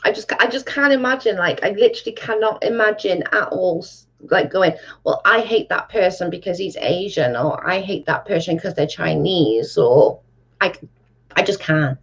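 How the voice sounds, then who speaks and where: A woman's voice: lowish voice, normal speed, breathy edge. Blunt, swearing woman chatting. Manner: blunt, swears freely, lots of "like". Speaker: livestream host reading chat. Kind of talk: casual chat. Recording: dull lo-fi sound.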